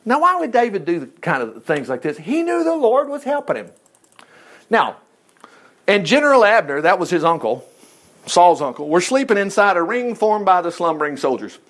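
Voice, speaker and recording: Animated folksy preacher man, high voice. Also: moderate pace. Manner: folksy, animated, laughs often, acts out quoted lines. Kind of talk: sermon, reading scripture with commentary.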